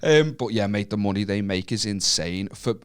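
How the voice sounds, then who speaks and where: Smooth, expressive, and on the low side, this Scouse-accented voice belongs to a co-host of a comedy podcast from Merseyside, England, speaking at normal speed. His casual story wanders, restarting often, with plenty of swearing and frequent laughter.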